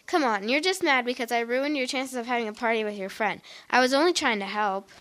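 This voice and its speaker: A woman's voice: fairly high pitch, a little fast, a bit bright, natural voice. A woman reading a sly, bossy teenage girl. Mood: scheming. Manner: sly, provoking.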